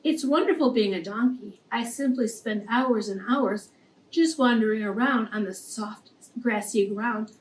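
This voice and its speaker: Easygoing donkey read by a woman, high voice, echoey far room. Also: measured pace, slight background noise, close to an everyday voice. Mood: dreamy. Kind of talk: storybook reading. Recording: echoey room, distant mic.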